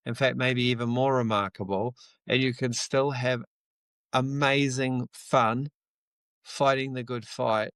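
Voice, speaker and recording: Slow, earnest New Zealand man. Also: medium pitch, fairly bright tone, clear, resonant tone, no echo. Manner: earnest, reflective, casual swearing. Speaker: livestream host. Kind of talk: motivational live stream talk.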